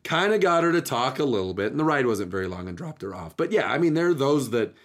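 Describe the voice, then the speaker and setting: A man hosting a podcast, telling his stories in an animated, chatty casual way. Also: mid-range voice, fast talker. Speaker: podcast host. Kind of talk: casual storytelling chat.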